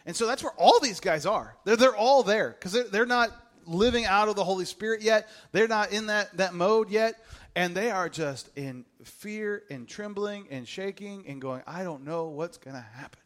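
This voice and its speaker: A man's voice: high-pitched, moderate pace. A man preaching a sermon to a congregation in a casual, joking way, acting out voices as he tells the story. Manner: humorous, animated, acts out quoted voices. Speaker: pastor.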